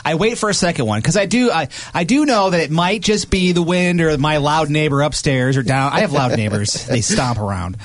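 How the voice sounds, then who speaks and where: Cheery male radio co-host, animated pitch. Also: fairly quick, hardly any pauses, no echo. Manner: cheery, self-mocking, laughs often. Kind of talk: casual radio banter.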